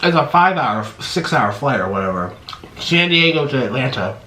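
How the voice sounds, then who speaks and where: A man talks through a meal on camera, chatty and meandering as he tells his story between mouthfuls. His pitch swoops up and down with lively expression. The room rings with a noticeable echo over a faint hiss. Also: normal speed. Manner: chatty, rambling, animated. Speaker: mukbang host. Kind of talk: casual storytelling while eating.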